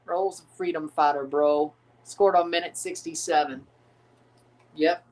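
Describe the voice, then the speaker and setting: Young dude streaming a soccer watchalong, gets loud on goals then mumbles to chat. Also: male voice, unhurried. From United States. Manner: swings between excited hyped calls and low mumbled asides. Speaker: livestream watchalong host. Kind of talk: live football reaction commentary.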